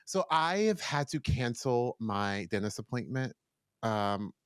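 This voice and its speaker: A man's voice: medium pitch, lively intonation, a little slow, clean tone, no room sound, clean studio sound. A young man co-hosting a podcast, chatting casually and playfully, slipping into sing-song bits and mock voices. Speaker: podcast co-host. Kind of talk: casual chat.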